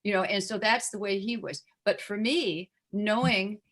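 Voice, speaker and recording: A woman's voice: mid-range voice, fairly even intonation, moderate pace, fairly bright tone. An older woman chatting as an interview guest, rambling with many fillers and slipping into voices when she quotes people. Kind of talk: casual chat.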